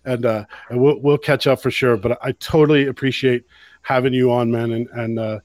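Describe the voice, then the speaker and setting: A man hosting a podcast at a mid pitch, laughing often and stumbling through restarts. His voice sounds dry and close, with no room around it. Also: fairly even intonation, normal speed, a little mellow, dry recording. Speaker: podcast host. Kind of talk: casual chat.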